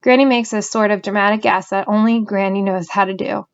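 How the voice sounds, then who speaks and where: A woman reading a novel aloud in an even storytelling manner. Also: mid-range voice, fairly quick, clean tone, dull audio. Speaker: audiobook reader.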